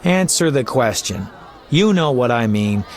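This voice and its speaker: A man's voice: mid-range voice, lively intonation, a little slow, a faint crowd, lightly acted. A man voicing a chatty, flamboyant male poet and bard who talks in a teasing, talkative way. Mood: coaxing. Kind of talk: video game voice acting.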